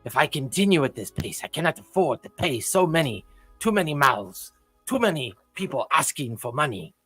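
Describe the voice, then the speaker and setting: A man doing a gruff guttural hobgoblin boss. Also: a little high, very animated, normal speed, fairly bright tone, no echo, soft background music, full character voice. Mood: worried. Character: gruff deep-voiced male hobgoblin boss.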